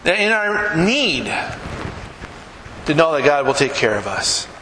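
A man's voice: on the high side, big pitch swings, unhurried, pushed and bright, a little hiss or hum. A middle-aged man preaching a conversational sermon as a pastor, asking the congregation questions. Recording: echoey hall with long reverb.

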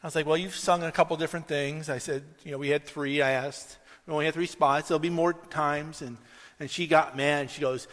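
A man with a high, bright voice preaches to his congregation, shifting into animated impressions as he tells stories. His words ring out with a long hall reverb around them. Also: a little fast. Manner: animated storytelling, mimics voices in anecdotes. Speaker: pastor. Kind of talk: sermon.

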